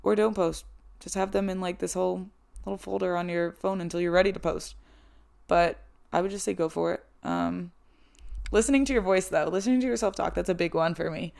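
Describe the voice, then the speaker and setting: A raspy-voiced woman in her twenties hosting a podcast, chatting casually and poking fun at herself. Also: lowish voice, fairly even intonation, fairly quick, a little mellow. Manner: chatty, self-deprecating, laughs often. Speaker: podcast host. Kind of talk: casual chat.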